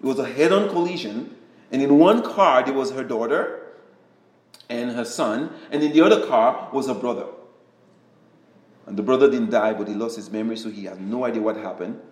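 A man's voice: mid-range voice, moderate pace, echoey room, low-quality recording. A man giving a conversational sermon, often restarting and repeating words as he explains. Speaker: preacher.

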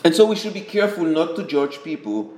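A man's voice: on the high side, sing-song, fairly quick, a little mellow, echoey room, poor audio. A man giving a conversational sermon, often restarting and repeating words as he explains. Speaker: preacher.

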